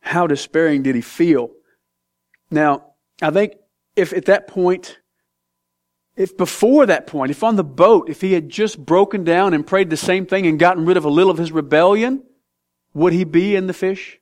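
A man preaching a sermon as pastor, animated and joking, with big dramatic swings in pitch and loudness. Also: normal speed. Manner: reads scripture aloud.

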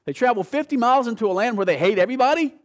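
A man preaching a sermon, retelling a scripture story with lively, animated delivery, acting out the voices and dropping to soft, dramatic lows. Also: very fast.

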